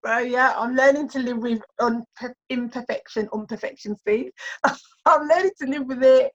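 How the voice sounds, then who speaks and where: A woman guest on a podcast chatting casually, lively and theatrical, laughing often. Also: a little high, normal speed, dull audio. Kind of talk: casual chat.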